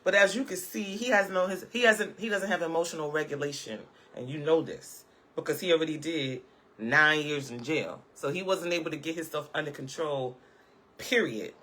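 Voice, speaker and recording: Woman vlogger, off-the-cuff live-chat commentary, sharp bright tone, sassy and emphatic. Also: low voice, moderate pace. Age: adult, parent of a school-age child. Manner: sassy, emphatic, punctuates points with "okay?" and laughs.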